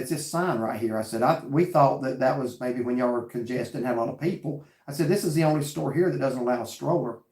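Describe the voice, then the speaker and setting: A man tells a story in a relaxed, earnest way and acts out both sides of the exchange. His voice sits at an ordinary middle pitch. The room around him rings with echo. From North Carolina. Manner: drawling, earnest storytelling with quoted dialogue. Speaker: vlog host reading live chat. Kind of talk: casual storytelling chat.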